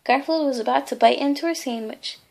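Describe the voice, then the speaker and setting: Woman, bedtime story reading, gentle, high voice, gravelly fry. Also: brisk, background noise. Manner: gentle, with small asides. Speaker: reader.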